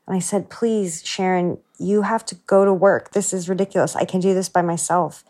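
A woman with a low voice tells a personal story in an earnest, reflective manner. She gets softer and more hushed when she voices what she was thinking to herself. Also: fairly even intonation, normal speed. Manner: earnest, reflective, voices her own inner thoughts quietly. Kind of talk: personal story told to a producer.

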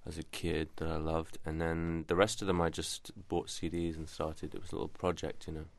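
A young English man with a very low, gravelly voice answers questions loosely, trailing off and restarting often. He sounds close and dry on a studio mic, with no room around him. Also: fairly quick, no echo. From London, England. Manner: relaxed, hesitant, many restarts and fillers. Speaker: musician guest. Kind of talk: casual interview answers. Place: radio studio. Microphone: studio microphone.

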